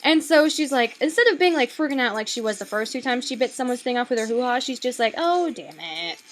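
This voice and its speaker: A woman's voice: high-pitched, quick pace. A young woman rambling through a casual, sarcastic film review at home at night, swearing often and filling her talk with likes and ums.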